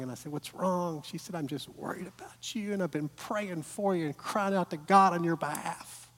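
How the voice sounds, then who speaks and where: A middle-aged man preaching a sermon, telling family stories with earnest build-ups to emphatic points. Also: mid-range voice. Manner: earnest storytelling, rising to emphatic peaks. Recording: long hall reverb.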